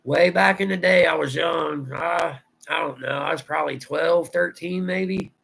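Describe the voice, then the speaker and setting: Man, Southern drawl, very gravelly voice, bright forceful tone, rambling livestream chat. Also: a little high, a little slow, rough recording. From Ohio, USA. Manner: rambling, answers viewer comments aloud. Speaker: livestream host.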